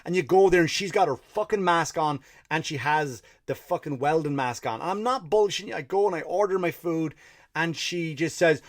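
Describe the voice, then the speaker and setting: This Irish comedy podcast host has a slightly high voice and talks at a normal speed in a dry, studio-quality recording. His story wanders along with swearing and heated rants, and in it he's exhausted from a 50-mile run.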